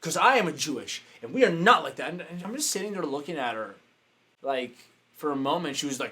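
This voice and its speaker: Brief: male coach, slightly raised pitch, animated anecdote teller with lively quoted voices. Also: quick pace. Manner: animated, acts out quotes with sudden pitch jumps. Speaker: business coach. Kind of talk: casual storytelling.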